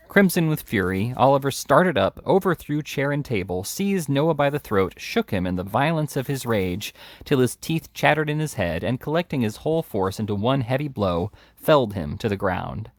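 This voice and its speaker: A man reading a classic novel aloud in steady, measured narration. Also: mid-range voice, no room sound, clean studio sound. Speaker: hobby reader.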